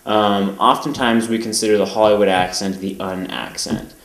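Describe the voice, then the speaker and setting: A man with a General American accent giving a calm, measured language lesson, pausing often with "um". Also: on the low side, roomy sound, poor audio. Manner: calm, measured explaining with frequent "um" pauses. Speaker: language teacher. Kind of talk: explanatory lesson.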